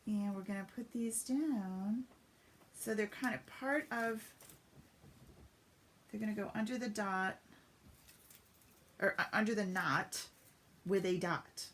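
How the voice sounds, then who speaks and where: A woman's voice: mid-range voice, slow pace, pauses often, a bit bright, a little hiss or hum. A woman giving a chatty step-by-step craft demonstration on a live stream, greeting viewers as she works. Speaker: papercraft demonstrator.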